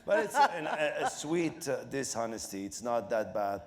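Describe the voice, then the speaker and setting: A middle-aged man from Morocco with a French accent, a comedian being interviewed on stage, who laughs often, acts out voices and talks in halting bursts with many fillers. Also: mid-range voice, big pitch swings. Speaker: comedian guest.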